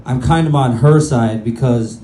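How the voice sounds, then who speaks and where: Mellow-voiced rambling stand-up comic. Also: male voice, medium pitch, a little slow, slight background noise. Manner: loose, rambling, crude, self-mocking. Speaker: stand-up comedian. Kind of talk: stand-up set. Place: comedy club stage. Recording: roomy club with faint ambience.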